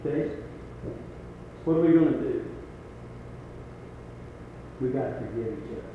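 A man preaching a sermon in a folksy way, rising to emphatic peaks and then dropping quiet. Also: medium pitch, a little slow, phone-quality sound. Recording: very echoey hall with faint noise.

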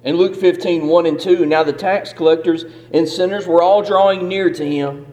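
A man preaches with a rhythmic, emphatic cadence, his voice sitting high for a man. The sound carries a long reverb from a church hall. He builds his points through repeated phrases. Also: steady tone, normal speed, darkish tone. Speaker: pastor. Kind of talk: sermon.

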